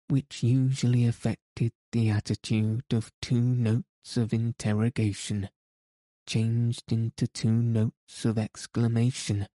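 A man reading a classic novel aloud in measured, even scripted narration. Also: fairly low pitch, dry recording, studio quality. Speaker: audiobook narrator.

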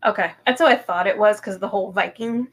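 Bright-voiced chatty woman podcaster. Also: mid-range voice, fast talker. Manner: chatty, swears freely, many ums. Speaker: podcast co-host. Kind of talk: casual chat recap.

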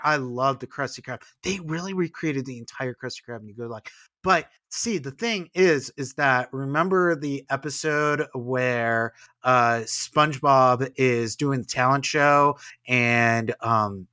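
A man's voice: medium pitch, measured pace, sharp tone, no echo, studio quality. A man hosting a podcast in casual chat, playful and given to acting out little scenes as he talks.

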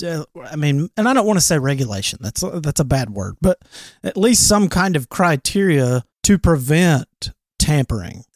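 A man's voice: fairly high pitch, very animated, moderate pace, no room sound, studio quality. A man co-hosting a casual sports podcast, talking loosely with profanity and frequent laughs. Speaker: podcast co-host.

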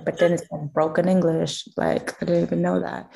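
A woman's voice: fairly low pitch, flat delivery, brisk, vocal fry, few pauses. Young woman, from Macau, podcast co-host, casual chat, chatty, laughs a lot. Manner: chatty, laughs often, many fillers.

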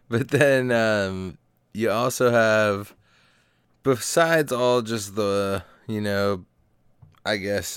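A man's voice: fairly low pitch, clear, resonant tone, no room sound, studio quality. A man co-hosting a casual gaming podcast, upbeat and joking as he chats and reads a sponsor spot. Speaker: podcast co-host.

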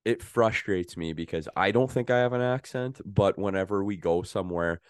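A man's voice: low-pitched, normal speed, clean tone, no room sound, clean studio sound. A Canadian man with a Canadian accent, co-hosting a podcast in casual chat, telling stories with animation, laughing easily and swearing. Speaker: podcast co-host.

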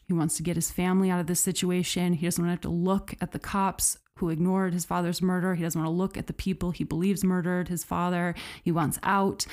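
A woman's voice: lowish voice, darkish tone. A woman hosting a podcast, telling a true story in a casual, conversational way with frequent fillers. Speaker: podcast host.

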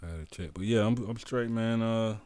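A man's voice: lowish voice, a little fast, darkish tone, clean tone, dry recording. A young man co-hosting a casual podcast, joking and profane, now and then breaking into song. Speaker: podcast co-host, veteran.

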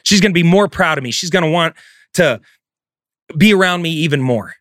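Intense, brightly forceful man coaching. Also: a little high, animated, fairly quick, no room sound, studio quality. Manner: intense, profane, emphatic delivery. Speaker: real estate coach. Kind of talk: motivational talk.

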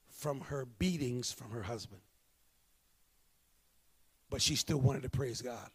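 A male pastor preaching a sermon, telling a story and moving between hushed, slow moments and emphatic bursts. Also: medium pitch, husky.

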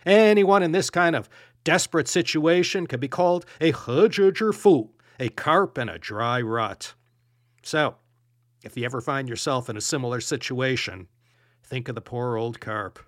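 A man hosting a podcast, telling an old tale in an animated, playful storytelling way. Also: mid-range voice, normal speed, dry recording, clean studio sound. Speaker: podcast host.

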